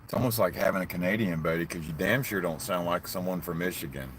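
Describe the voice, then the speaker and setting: A man's voice: deep voice, fast talker, a bit bright, slight background noise. A man with a Southern hillbilly accent, chatting casually and profanely to his live-stream viewers. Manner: profane, blunt, rambling. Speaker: livestreaming vlogger.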